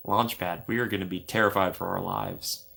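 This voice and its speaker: A man's voice: deep voice, steady tone, normal speed, vocal fry, pushed and bright. A young man hosting a casual live stream from home, reading chat aloud and joking at his own expense. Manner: playful, self-mocking, reads chat aloud.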